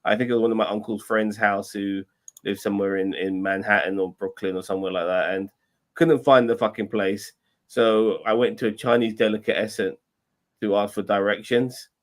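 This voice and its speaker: A man's voice: on the low side, fairly even intonation, moderate pace. A man in his forties with an English accent, telling a rambling story in casual banter. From England. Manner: rambling anecdote with restarts and swearing.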